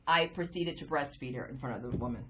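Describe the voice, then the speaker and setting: A woman co-hosting a TV talk show, telling comic stories in an animated way and acting out voices. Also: rumbling low, quick pace, crowd noise. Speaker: talk show co-host and comedian. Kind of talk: comic storytelling chat. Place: TV studio.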